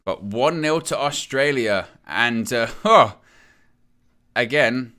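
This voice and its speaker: Slow and sharp-toned, this man's medium-pitched voice rises and falls with lively intonation. As host of a live fan stream, he offers casual football commentary peppered with fillers and restarts.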